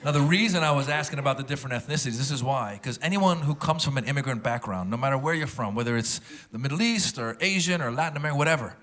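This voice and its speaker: A man performing stand-up, animated and talking straight to the audience. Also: medium pitch, very fast, few pauses. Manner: animated, addresses the crowd directly. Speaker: stand-up comedian. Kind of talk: stand-up set. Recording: live club set with loud crowd.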